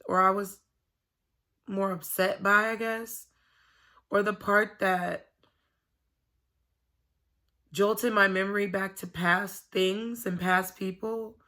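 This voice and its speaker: A woman with a bright, gravelly voice confides in her camera at home. She rambles candidly and swears freely, in casual confessional chat. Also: medium pitch. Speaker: vlogger.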